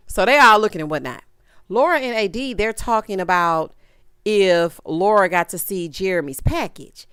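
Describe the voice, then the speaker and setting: A woman giving sassy, animated commentary as she recaps a reality show. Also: mid-range voice, moderate pace, smooth, no room sound, clean studio sound. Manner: animated, sassy, acts out quotes.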